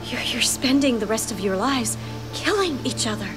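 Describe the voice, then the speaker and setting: A woman's voice: a little high, animated, normal speed, close to an everyday voice. An actress voicing an earnest, hopeful young woman who survives deadly games in a dubbed drama, heard as a clip under music. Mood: urgent. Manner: earnest, heartfelt.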